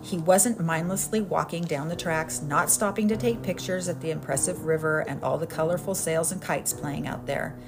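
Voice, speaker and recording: Woman reading a story out loud, low gravelly voice, flat about the grim bits, music behind. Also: normal speed, few pauses. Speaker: podcast host and narrator. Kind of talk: storytelling narration.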